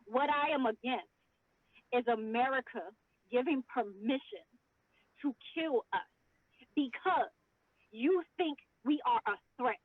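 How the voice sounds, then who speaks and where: A woman's voice: high-pitched, takes it slowly, long pauses, no echo. A woman guest talking and performing spoken word poetry in an impassioned, rhythmic, emotional way, heard over a video call. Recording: dry, tinny phone-like audio.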